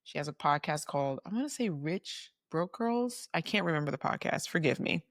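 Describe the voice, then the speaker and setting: A woman co-hosting a podcast, chatting and telling a story in an animated way with frequent laughs. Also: low-pitched, no echo, studio quality. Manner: animated, laughing, jumps in with quick asides. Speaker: podcast co-host. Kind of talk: casual chat and storytelling.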